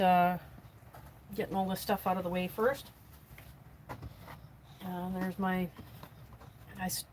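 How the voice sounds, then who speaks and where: A woman's slightly mellow voice comes through a rough recording with a bit of background noise. She's a vanlife vlogger chatting casually on a livestream inside her camper van, talking to viewers and to her dogs, her pitch spiking whenever the dogs get her attention.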